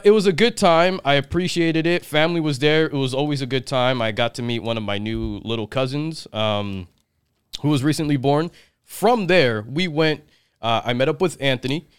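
A man's voice: medium pitch, clean tone. A man in his thirties telling long rambling stories on a casual podcast, swearing freely and laughing often. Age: 30s. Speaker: podcast co-host. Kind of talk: casual storytelling chat.

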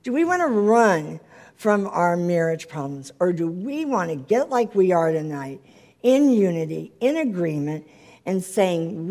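Woman Bible study teacher, slightly low voice, earnest preaching delivery, reads scripture aloud. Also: very animated, unhurried, mellow. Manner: earnest, reads scripture aloud, rises in pitch when stirred. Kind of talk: sermon-style teaching. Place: meeting room, live gathering.

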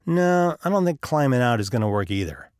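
A man's voice: mid-range voice, very animated, fairly quick, darkish tone, smooth, no echo, studio quality, close to an everyday voice. A man voicing a stubborn, fearful guy who is stuck in a hole and makes excuses. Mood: excuse-making. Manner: whiny, excuse-making.

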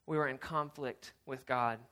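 Bright-voiced man preaching casually. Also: mid-range voice, moderate pace. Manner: chatty and animated, many fillers and restarts. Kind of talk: casual storytelling sermon.

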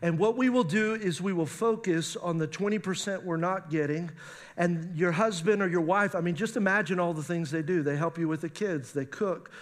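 A middle-aged male pastor preaching a sermon on marriage, animated and acting out spouses' voices. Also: high-pitched, moderate pace.

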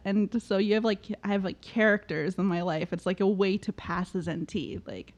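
Woman, casual chat, rambling, laughs a lot, mid-pitched. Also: fairly even intonation, normal speed, hardly any pauses. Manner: rambling, laughs often, many fillers. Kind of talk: casual conversation.

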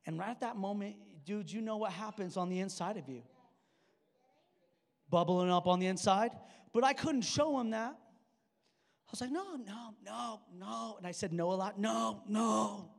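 High-voiced pastor in a reverberant hall. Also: male voice, normal speed, long pauses. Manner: conversational, storytelling preacher who acts out dialogue. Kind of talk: sermon.

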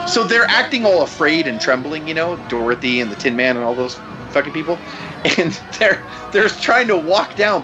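A man hosting a podcast, telling a story in casual chat, incredulous, laughing and swearing often. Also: high-pitched. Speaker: podcast host.

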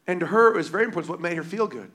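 Guy preaching a fired-up sermon, high voice, goes loud then hushed. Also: expressive, racing. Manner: impassioned, repetitive, swings between loud and hushed.

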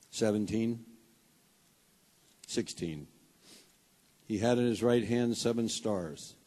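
A pastor preaches a sermon to his congregation in a fairly low, slightly rough voice. He opens hushed and slow, then builds into loud, fervent preaching with a rising delivery. Long hall reverb fills the recording.

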